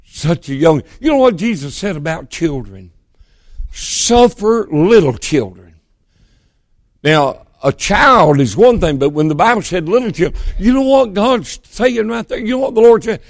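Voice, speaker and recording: Folksy preacher, high voice. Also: male voice, animated, moderate pace, hardly any pauses, no echo. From Georgia, US. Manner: folksy storytelling, swings between emphatic and hushed. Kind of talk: sermon.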